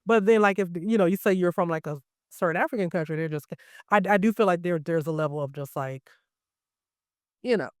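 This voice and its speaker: An American woman, a teacher living abroad, chatting casually as an interview guest. She tells animated stories, leans heavily on "like" and acts out what others said. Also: fairly low pitch, a little fast, dry recording, clean studio sound. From United States. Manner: animated storyteller, heavy use of "like", acts out quotes.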